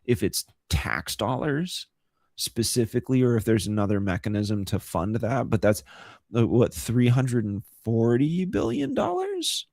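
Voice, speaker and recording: A man co-hosts a casual political chat in a dry, close sound. He laughs a lot, gets excitable and swears freely, with a voice of middling pitch. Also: a little slow, gravelly, dry recording. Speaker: co-host.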